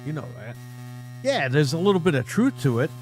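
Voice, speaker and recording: A man's voice: fairly high pitch, big pitch swings, a little fast, a little mellow. A man hosting a casual livestream show, ranting bluntly and mockingly with plenty of swearing. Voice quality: profane, blunt. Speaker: podcast host.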